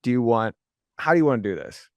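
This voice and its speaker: A podcast host casually discussing a movie, rambling and enthusiastic, with lots of fillers. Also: male voice, medium pitch, expressive, fast talker, a little mellow, dry recording, studio quality.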